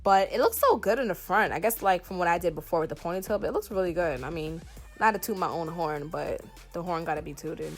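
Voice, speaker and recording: This beauty vlogger, a woman in her twenties with a Southern US country accent, speaks fast in a lowish voice while chatting to camera during a hair tutorial. She's playful and emphatic and leans on lots of fillers, with soft background music.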